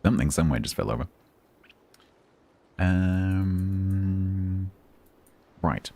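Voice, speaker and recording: Male streamer, very low voice, calm monotone, dry humor. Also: takes it slowly. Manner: steady, even-toned, dry self-deprecating. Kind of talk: casual live-stream chat.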